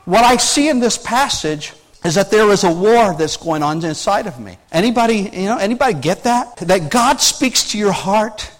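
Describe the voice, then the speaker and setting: A man's voice: high-pitched, normal speed, low-quality recording. A man preaching an earnest, conversational sermon, often restarting his phrases and asking his listeners questions. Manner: earnest, animated, frequent restarts, asks the audience questions. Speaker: pastor.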